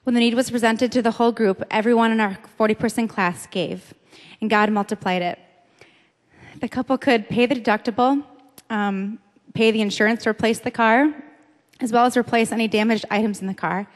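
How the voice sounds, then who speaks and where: A woman reading a testimony aloud in church, in an earnest, steady way. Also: fairly high pitch, fairly quick, in a large hall.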